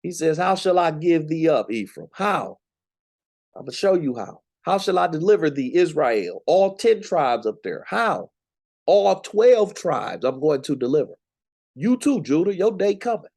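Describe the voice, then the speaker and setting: Gravelly, animated man teaching scripture. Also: fairly high pitch, measured pace. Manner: conversational, preachy, slangy and emphatic. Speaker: Bible teacher.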